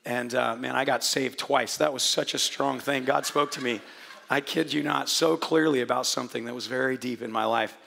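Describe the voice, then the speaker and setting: A man preaching a sermon to his congregation in a hoarse, gravelly voice, chatty and joking, often restarting his sentences. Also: medium pitch, fairly even intonation, moderate pace, pushed and bright. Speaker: pastor. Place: church hall before a congregation.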